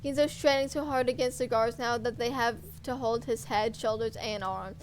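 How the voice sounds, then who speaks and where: A woman's voice: fairly high pitch, steady tone, moderate pace, hardly any pauses, a little hiss or hum, rough recording. Woman reading a visual novel aloud. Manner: dramatic, intense reading with offhand asides. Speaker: streamer. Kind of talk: first-person narration of a visual novel.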